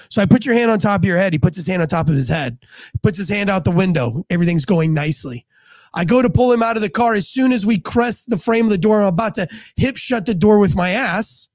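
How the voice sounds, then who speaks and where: A man's voice: high-pitched, darkish tone, no room sound. A man, a former police officer, telling a vivid first-person story and acting out the dialogue in a matter-of-fact way.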